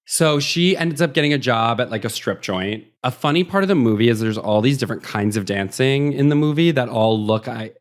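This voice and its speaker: A man's voice: mid-range voice, animated. A man co-hosting a podcast, casually retelling a movie plot in a rambling way and briefly acting out the characters' lines. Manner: rambling, acts out characters in quick snatches. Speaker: podcast co-host.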